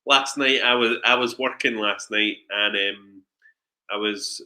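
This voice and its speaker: A man's voice: fairly low pitch, fairly even intonation, measured pace, sharp tone. A man hosting a podcast, talking casually and chattily, often stumbling and restarting his sentences. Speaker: podcast host.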